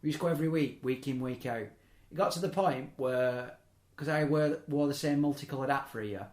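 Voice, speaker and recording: Young guy rambling thru a story, mid pitch, echoey room. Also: fairly quick, darkish tone. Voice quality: rambling, self-interrupting, chuckling asides. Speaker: podcast host. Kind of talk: casual storytelling chat.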